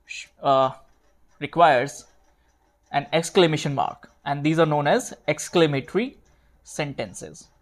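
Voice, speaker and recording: Teacher, slow and repetitive. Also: male voice, a little high. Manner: slow, repetitive, fillers and self-corrections. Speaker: English teacher. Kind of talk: explaining grammar while writing.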